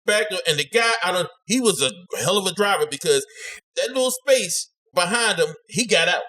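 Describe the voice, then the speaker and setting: A man co-hosting a podcast tells a story in loose, animated chat. His voice is bright and a little tense, sitting somewhat high for a man, and his pitch swings widely as he leaps into high-pitched impressions of the people in the story. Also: a little fast. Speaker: podcast co-host. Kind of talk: casual chat.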